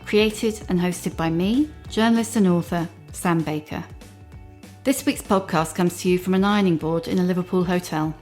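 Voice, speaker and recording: A woman in her fifties hosting a podcast, giving measured introductions with dry asides before interviewing her guest in a hotel room. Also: fairly low pitch, a little mellow, soft background music. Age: 50s. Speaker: podcast host, journalist. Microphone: mic perched on an ironing board.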